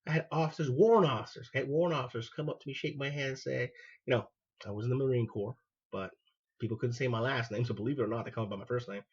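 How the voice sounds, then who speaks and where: Husky-voiced man telling a story. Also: mid-range voice, quick pace, muffled recording. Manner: animated, acts out quoted dialogue. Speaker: podcast host, former Marine. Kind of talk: personal storytelling monologue.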